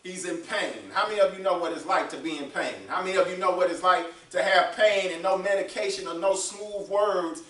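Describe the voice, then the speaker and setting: In a church sanctuary, a pastor with a high, fairly bright voice delivers a sermon, building up his points and asking the congregation call-and-response questions. The distant microphone picks up a roomy echo.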